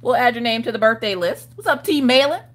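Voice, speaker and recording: A woman's voice: a little high, animated, fast talker. A woman hosting a casual crafting livestream, greeting viewers by name and reading their comments aloud with a playful, laughing manner. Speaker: livestream host of a crafting chat.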